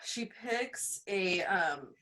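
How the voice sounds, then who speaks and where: A woman's voice: medium pitch, expressive, drawn-out words, bright, forceful tone. A woman in casual video call chat with her book club, rambling and searching for words.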